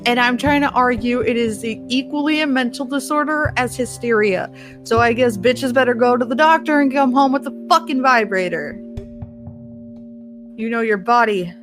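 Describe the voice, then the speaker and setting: A woman's voice: a little high, normal speed, music in the background. A woman hosting a solo podcast, ranting bluntly with heavy swearing and laughing at her own points. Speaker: podcast host. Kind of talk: casual solo podcast rant.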